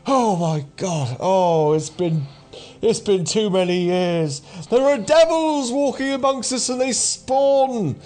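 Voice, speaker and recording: A man voicing a haggard, dishevelled male street preacher who shouts warnings about devils, frantic and pleading. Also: high-pitched, animated, slow, voice pushed up.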